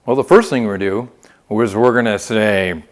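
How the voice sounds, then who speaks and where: A man's voice: fairly low pitch, normal speed. A man teaching a phone sales training lesson, upbeat and coaching, often checking in with "okay?". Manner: upbeat coaching, lively inflection, frequent "okay?" check-ins.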